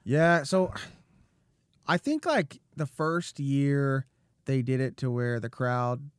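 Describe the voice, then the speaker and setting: A man hosting a podcast in relaxed casual chat, easygoing and agreeable. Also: medium pitch, slow, clean tone, dry recording, clean studio sound. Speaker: podcast host.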